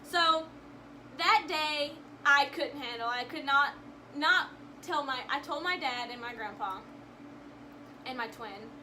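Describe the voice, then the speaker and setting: A woman's voice: high-pitched, slow, long pauses, pushed and bright, a little hiss or hum, rough recording. A young woman vlogger telling a personal story to camera in an emotional, rambling way, with frequent restarts.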